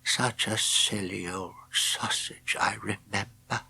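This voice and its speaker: A man doing a soft-spoken, very old gentleman. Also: medium pitch, a little hiss or hum, pitched above the performer's own voice. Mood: sad whisper. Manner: soft, slow, wandering speech.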